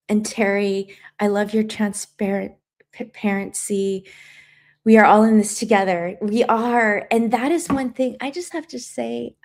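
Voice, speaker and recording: Tearful and earnest, this livestream host reads her viewers' comments out loud. She has a fairly high voice with a somewhat dark color to it.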